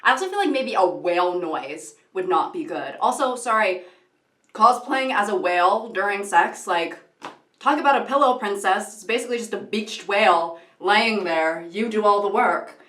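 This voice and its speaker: A mid-range, somewhat bright female voice with lively intonation moves at a moderate pace. She's vlogging casually at home while doing her makeup, rambling, chatting, joking crudely and leaning on fillers. The echoey room sound comes through a camera mic she is occasionally far from.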